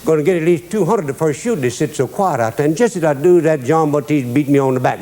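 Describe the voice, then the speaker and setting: A man's voice: a little high, lively intonation, fast talker, few pauses, dark tone. A man with a Cajun accent hosting a cooking show, mixing kitchen steps with a drawling dialect story and chuckling at his own jokes. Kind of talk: folksy cooking demonstration with storytelling.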